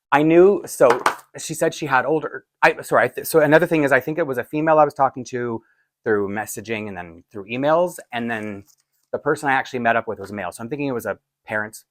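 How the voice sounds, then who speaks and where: A man talks in an eager, rambling way, often laughing and stopping to correct himself. His voice sits at an ordinary middle pitch. The sound is close and dry, with no room echo. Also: fairly bright tone. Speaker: doll collector vlogger. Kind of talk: excited casual unboxing chat.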